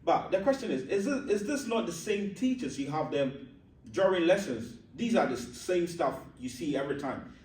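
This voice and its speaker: A man teaches a class on handling exam nerves, his voice a little higher than most. He poses questions and answers them himself, repeating key points and checking that everyone follows. The sound is roomy and picked up from some distance, as if in a classroom. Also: animated, normal speed, a little mellow. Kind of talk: classroom lesson on exam stress. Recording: roomy echo, mic at a distance.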